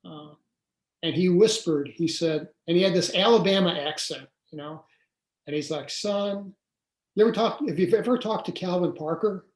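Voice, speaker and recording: A man's voice: high-pitched, moderate pace, echoey room, low-quality recording. An older man, a guest in an interview, telling his story in a casual, conversational way with many fillers and restarts.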